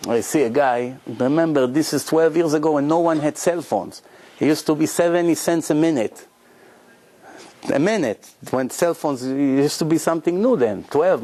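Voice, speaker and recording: A man, a rabbi, telling a story in a conversational lecture, animated, with some broken English. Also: on the high side. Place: synagogue.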